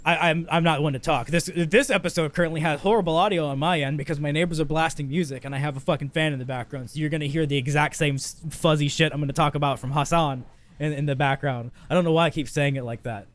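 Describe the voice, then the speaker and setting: A man's voice: on the high side, steady tone, fast talker. Profane, rambling stoned podcast host man. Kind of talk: casual podcast chat.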